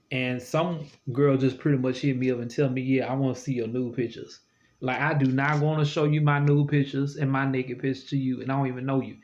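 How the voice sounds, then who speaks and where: A man of middling pitch rambles through his stories in a loose, animated vlog style, laughing easily as he goes. The recording sounds dull and lo-fi. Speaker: vlogger. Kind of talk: casual storytelling to camera.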